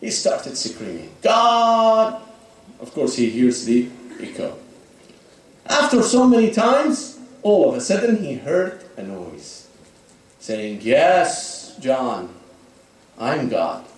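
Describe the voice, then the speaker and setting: A man's voice: medium pitch, wildly swooping pitch, slow pace, a little mellow. A man preaching a sermon, telling a story dramatically with frequent "you know" fillers. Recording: echoey hall, speaker far from mic.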